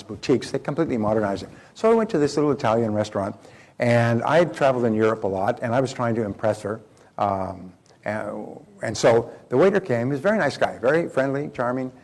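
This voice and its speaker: An older male motivational speaker with a gravelly, creaky edge to his voice. He lectures in a loose storytelling way to a live seminar audience, circling back and repeating phrases as he goes. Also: fairly low pitch, darkish tone. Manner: conversational, rambling anecdotes with repeated phrases and restarts.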